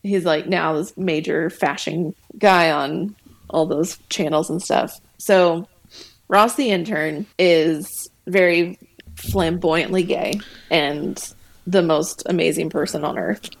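Talkative young woman with a low voice. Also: steady tone, slow pace, creaky. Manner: open and talkative, laughs between sentences. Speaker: podcast guest. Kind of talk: candid personal conversation.

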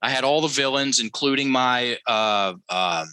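A man's voice: medium pitch, measured pace, sharp tone, smooth, no echo, poor audio. A man telling a story as a podcast guest, emphatic and teacherly, repeating key phrases for effect and speaking straight to the listeners. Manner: addresses listeners directly, teacherly. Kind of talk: conversational storytelling.

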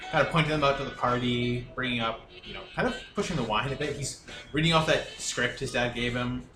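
A man in a tabletop game talks hesitantly and leans on fillers. His voice sits at an ordinary pitch. Clear music plays behind him in an echoey room. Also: brisk. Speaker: player. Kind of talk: casual tabletop play.

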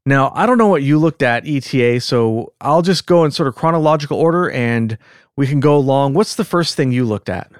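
A man with a Californian accent hosting a podcast in casual chat, rambling and quick to laugh. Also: medium pitch, expressive, clean tone, no echo, clean studio sound. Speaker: podcast host.

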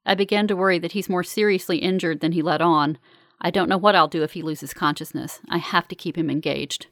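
A woman reading a first-person story aloud in a calm, measured, earnest way. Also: fairly low pitch, dry recording, studio quality. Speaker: narrator. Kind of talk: first-person audiobook narration.

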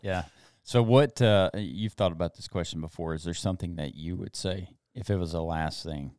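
A man hosting a faith podcast, rallying and forceful as he speaks to men. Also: deep voice, moderate pace, clean tone, dry recording, clean studio sound. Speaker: host.

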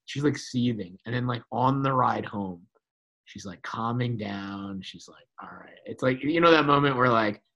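A man's voice: medium pitch, normal speed, sharp tone, poor audio. A man co-hosts a casual podcast and tells stories animatedly. He peppers his talk with "like" and "dude" and swears easily. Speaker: podcast co-host.

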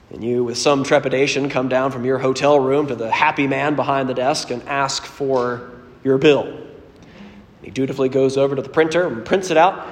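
A male pastor delivers an earnest sermon, his voice sitting a little higher than most men's. He tells stories, rising to loud emphasis and then falling to quiet asides. His words ring out with a long reverb in a church sanctuary.

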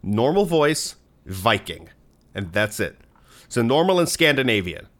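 A man's voice: mid-range voice, measured pace. Storytelling man on a podcast. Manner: animated storyteller who swears casually. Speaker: game master and podcast host. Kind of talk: casual chat among friends.

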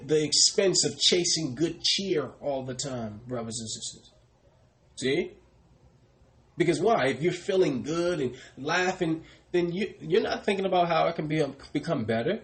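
A man's voice: fairly high pitch, expressive, a little slow. A man preaching a sermon. He asks questions and answers them himself, and he keeps tagging lines with "brothers and sisters" in a dropping voice. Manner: repeats "brothers and sisters" with falling, quieter tags. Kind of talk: sermon teaching.

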